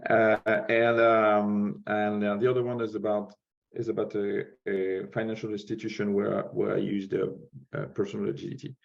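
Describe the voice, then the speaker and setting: A man from France with a French accent, speaking English as a second language, halting and searching for words as a guest speaker. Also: on the low side, flat delivery, gravelly. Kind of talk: conference talk. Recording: dull lo-fi sound.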